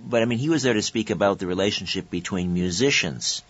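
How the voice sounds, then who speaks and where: A low-voiced male host asks questions haltingly, with pauses and fillers. The sound is dry and a little dull. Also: breathy edge, no room sound. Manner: hesitant, many fillers. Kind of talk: interview questions.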